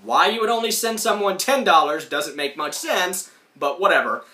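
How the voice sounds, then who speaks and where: Podcast host, man, tense bright tone, casual rambling recap. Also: high voice, animated, moderate pace, reverberant, distant mic. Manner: rambling, acts out lines in put-on voices. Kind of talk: casual recap of a cartoon episode.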